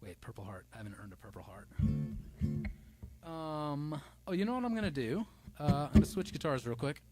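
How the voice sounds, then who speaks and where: A man's voice: a little high, very animated, a little fast, music in the background. Chatty man rambling on a live stream. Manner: rambling and playful, reading viewer comments aloud; loose and self-deprecating, with many restarts. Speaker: singer-songwriter hosting a live stream. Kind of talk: casual live-stream chat.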